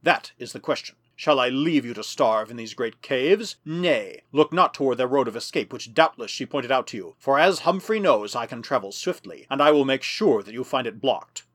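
Man reading an ancient male tyrant in an audiobook, bitter and menacing, slow and grave, pitch swinging widely. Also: animated, a bit bright, no room sound, studio quality. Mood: threatening.

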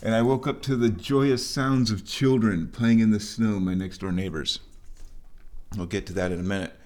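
A man's voice: lowish voice, moderate pace, a little mellow. A man vlogging at home, telling a meandering everyday story in a casual, chatty way while walking between rooms. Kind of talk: rambling casual vlog chat.

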